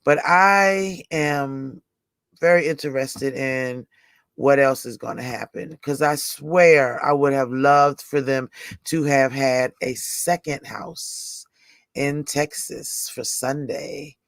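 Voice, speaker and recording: A woman's voice: extremely low pitch, steady tone, slow, no echo. A woman in her forties hosting a livestream in rambling, casual chat, often laughing. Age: 40s. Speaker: livestream host.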